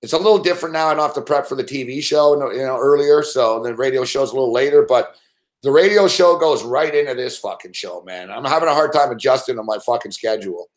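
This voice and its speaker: A man's voice: medium pitch, fast talker. A man hosting a late-night sports betting show, ranting casually and swearing constantly as he rambles. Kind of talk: late-night live stream rant.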